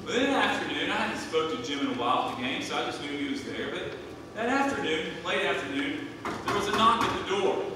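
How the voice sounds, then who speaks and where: A man in his thirties preaching a sermon, swinging between hushed and loud, emphatic delivery. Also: fairly high pitch, big pitch swings, a little fast, background noise. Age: 30s. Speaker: pastor. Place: church sanctuary. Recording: echoey church hall from a distant mic.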